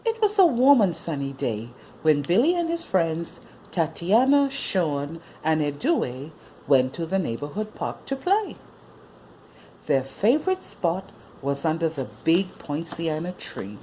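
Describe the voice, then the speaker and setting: Slow, sing-song woman reading a children's story. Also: low-pitched, huge pitch swings, warm tone, slight background noise.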